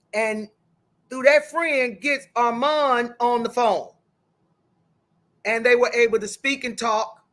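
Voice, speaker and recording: A woman's voice: a little high, a bit bright. A woman hosting a livestream, chatting casually through gossip and greeting viewers by name. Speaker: livestream host. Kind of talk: casual commentary.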